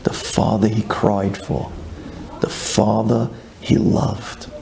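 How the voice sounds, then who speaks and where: A man, a rabbi, giving a sermon dramatically, swinging from loud pleading to hushed intensity. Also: on the low side, fairly even intonation, slow pace, vocal fry.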